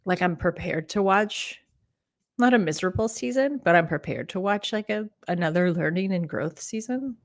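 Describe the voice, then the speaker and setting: Woman, podcast guest, chatty, self-deprecating, a bit low-pitched. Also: lively intonation, moderate pace. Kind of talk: casual sports podcast chat.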